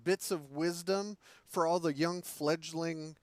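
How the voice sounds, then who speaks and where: A man's voice: a little high, steady tone, slow, a crowd in the background. A man hosting a casual podcast, jokey and laughing often. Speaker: podcast host.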